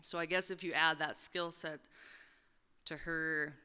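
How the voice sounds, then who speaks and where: A woman's voice: low voice, steady tone, measured pace, sharp tone, smooth. A woman in her thirties giving a joking, casual acceptance speech at a podium microphone, with many fillers. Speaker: hall of fame inductee. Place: large event hall on stage. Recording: echoey large hall.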